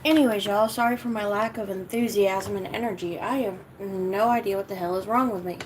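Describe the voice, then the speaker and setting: A woman hosting a casual livestream, tired and lethargic, swearing offhandedly, and switching to high sing-song baby talk when she talks to her cat. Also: fairly even intonation, fairly quick, a little hiss or hum, poor audio. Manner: low-energy, sluggish, swearing casually. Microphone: camera mic.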